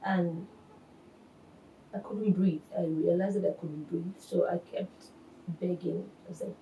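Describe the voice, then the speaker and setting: Soft-voiced woman recounting a painful memory. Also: fairly low pitch, fairly even intonation, slight background noise. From Nigeria. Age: 40s. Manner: halting, hesitant storytelling. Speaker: reality show contestant. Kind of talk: emotional personal testimony. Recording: echoey room, faint ambience.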